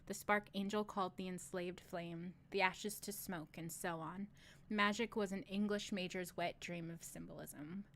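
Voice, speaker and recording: A woman reading a fantasy novel aloud on a live stream, steady in the narration and breaking off for joking asides. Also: lowish voice. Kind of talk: casual read-aloud with asides.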